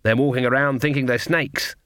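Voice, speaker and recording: A man's voice: medium pitch, steady tone, brisk, clean tone, no room sound, clean studio sound, natural voice. A man voicing a stern, commanding older witch who speaks bluntly in country grammar. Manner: loud, clipped, dialect grammar.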